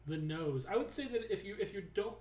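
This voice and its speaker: A man's voice: high voice, fairly quick. Laid-back male host in a roomy space. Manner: relaxed, trails off and restarts. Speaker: podcast host. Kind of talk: casual chat. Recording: roomy echo.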